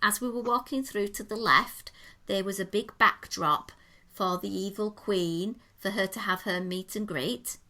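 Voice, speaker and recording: A woman tells a podcast co-host all about a restaurant visit. Her voice is bright and forward, and she talks in an easy, enthusiastic way, painting each detail as she goes. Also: medium pitch, unhurried. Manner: chatty, descriptive, enthusiastic storytelling. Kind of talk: casual chat, restaurant review.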